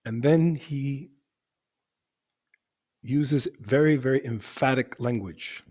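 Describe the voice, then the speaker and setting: A man's voice: mid-range voice, slow, darkish tone. Man explaining Arabic poetry grammar. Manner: methodical, repeats and rephrases for emphasis. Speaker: teacher.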